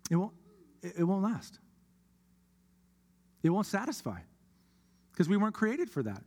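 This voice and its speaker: A man preaching a sermon as pastor of a church, earnest, slowing down on key words for emphasis. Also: high-pitched, big pitch swings, warm tone. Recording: long hall reverb.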